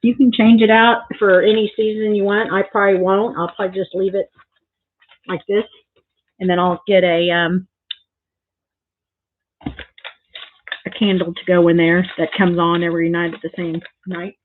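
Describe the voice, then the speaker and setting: Chatty low-voiced woman on a tinny line. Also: little pitch movement, moderate pace, long pauses, slight background noise. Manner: rambling, chatty, lots of ums and side stories. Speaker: craft vlogger. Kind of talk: casual crafting tutorial chat. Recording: thin phone-like sound.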